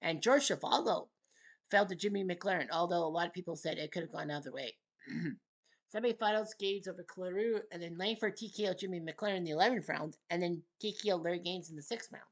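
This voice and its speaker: A man's voice: sits high, fairly quick. Casual male boxing recap host. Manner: offhand, chatty asides between results.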